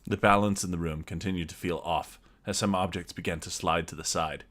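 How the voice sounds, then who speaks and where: Deep-voiced man narrating a game story. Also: a little fast. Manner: steady, descriptive narration. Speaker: player narrating his character. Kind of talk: first-person story narration in a tabletop game.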